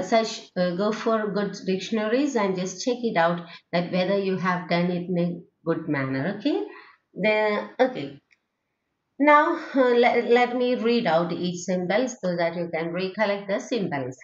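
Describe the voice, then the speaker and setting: A woman with an Indian English accent teaching pronunciation at a slow, patient pace. She draws out each vowel sound and keeps checking in with her students. The recording is dull and lo-fi, and her voice echoes in the room. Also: lowish voice. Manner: slow, drawn-out modelling of vowel sounds with frequent "okay?". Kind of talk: lecture on English phonetics.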